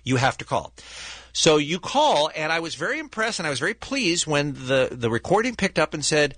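A man co-hosting a radio show in casual chat, an animated storyteller. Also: fairly high pitch, normal speed, slightly rough, dry recording.

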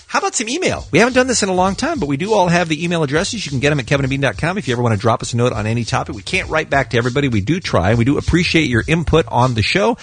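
A man's voice: on the high side, lively intonation, racing, few pauses, breathy edge, dry recording. A man co-hosting a morning radio show in casual banter, reading listener emails aloud.

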